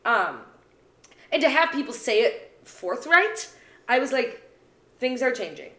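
Midwestern woman podcast co-host, lively swooping pitch, wry, echoey apartment room. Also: unhurried. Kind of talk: casual chat.

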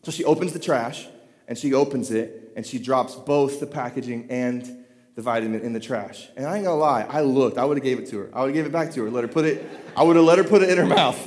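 Man, pastor, thirties, animated sermon storytelling, self-deprecating humor, average pitch, long hall reverb. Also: quick pace.

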